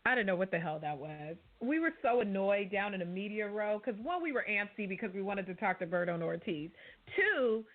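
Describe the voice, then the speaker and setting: A woman co-hosting a boxing show, telling lively stories from ringside in casual chat. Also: mid-range voice, fairly quick. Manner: lively storyteller, mocking impressions. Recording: tinny phone-like sound.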